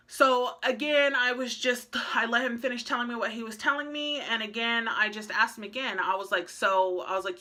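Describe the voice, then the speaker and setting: A woman vlogger recounts her week in a loose, chatty ramble, leaning on fillers as she goes. Her voice sits bright and a touch forward, and she slips into the voices of the people she quotes. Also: on the high side, fairly even intonation, a little fast, few pauses. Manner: acts out conversations in quoted voices. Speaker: family vlogger. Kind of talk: casual storytelling to camera.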